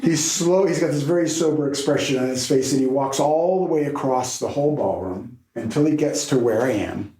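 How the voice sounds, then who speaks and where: A man, a podcast guest and keynote speaker, telling a story in a lively way and laughing now and then. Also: medium pitch, brisk, hardly any pauses, echoey room, rough recording.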